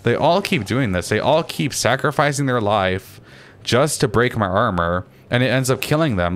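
A man's voice: mid-range voice, expressive, moderate pace, fairly bright tone. A young man commentating his own game as he plays, ranting and swearing nonstop about the other players. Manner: swears constantly, ranting and complaining. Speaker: gaming channel host. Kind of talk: frustrated gameplay commentary. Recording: faint background noise.

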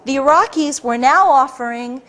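A woman with a high voice is speaking to a live audience. She tells her story in an animated, lecture-like way. She often restarts and repeats words as she goes. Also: moderate pace. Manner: animated, frequent restarts and repetitions. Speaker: public speaker giving a talk.

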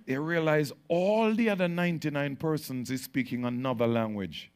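A man preaching a sermon as pastor, swinging from quiet drawn-out lines to loud excited bursts. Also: on the high side, smooth.

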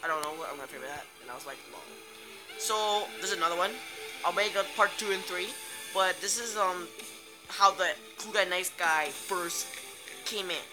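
A woman's voice: fairly low pitch, moderate pace, poor audio. A young woman YouTuber rambling casually and reading comments aloud on a phone recording. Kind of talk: casual reaction video. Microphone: phone screen recorder. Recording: music playing underneath.

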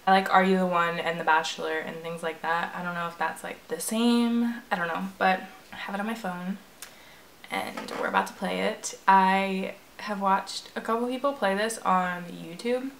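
A woman's voice: mid-range voice, fairly bright tone, roomy sound, slight background noise. A young woman chatting casually while she plays a phone game, self-mocking and swearing freely. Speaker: vlogger playing a phone game. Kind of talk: casual gameplay chat.

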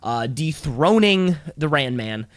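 A man co-hosting a casual podcast, riffing and joking with plenty of swearing. His voice sits a bit high and leaps around a lot as he talks. The sound is close and dry, with no room to it. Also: takes it slowly, no echo. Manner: animated, joking, swears, slips into mock voices. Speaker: podcast co-host. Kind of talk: casual wrestling podcast chat.

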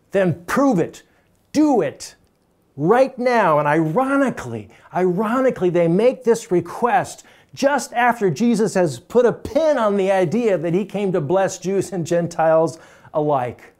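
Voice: mid-range voice, a little mellow. A pastor preaching a sermon in a conversational, emphatic way, often breaking into small chuckles.

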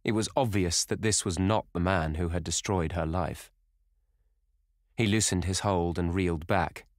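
A man with a very deep voice reads a classic novel aloud in grave, measured narration. The sound is dry and close, with almost no room in it. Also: fairly even intonation, no room sound. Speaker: audiobook narrator.

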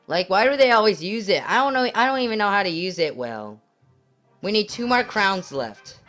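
A gaming channel host giving live commentary on a mobile match, shouting at the game and chatting to viewers with many fillers. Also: mid-range voice, normal speed, soft background music. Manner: excitable, yells at the game.

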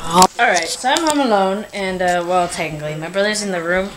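A woman's voice: fairly low pitch, brisk. A teenage girl rambling casually as she films a vlog at home. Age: teens. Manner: rambling, chatty, blunt. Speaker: vlogger. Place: at home and outside in the rain. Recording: loud background noise.

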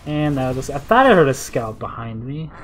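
A young man giving jittery, self-mocking commentary while playing a game, with excitable outbursts. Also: medium pitch, fast talker, slight background noise. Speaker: gaming video creator. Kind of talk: live gameplay commentary.

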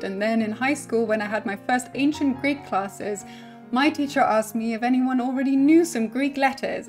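A woman who is not American, a linguist, reading a scripted explainer in a clear, measured, lightly humorous way. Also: fairly high pitch. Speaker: linguist presenting a video essay.

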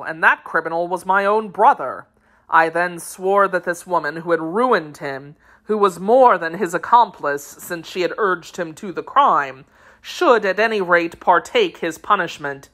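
Woman doing a stern executioner guy, slow and solemn, lowish bright voice. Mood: grim. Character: stern vengeful male executioner, grim and cold.

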